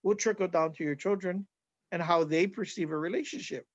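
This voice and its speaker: A man's voice: high voice, brisk, no room sound, highs cut off. A middle-aged man from Hawaii, a healer, earnestly explaining his teaching in an interview and often checking in with "right?".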